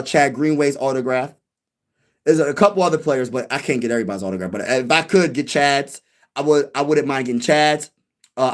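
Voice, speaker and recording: A man hosting a casual sports live stream, chatting with viewers in an animated way and often repeating himself. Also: fairly high pitch. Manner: animated, repeats himself, addresses chat directly.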